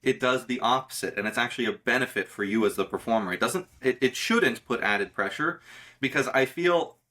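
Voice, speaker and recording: A man with a bright, forceful tone, talking shop as a guest in a casual magic conversation. He is emphatic and insistent and often repeats words to push a point. His pitch sits in the middle of the male range. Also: a little fast.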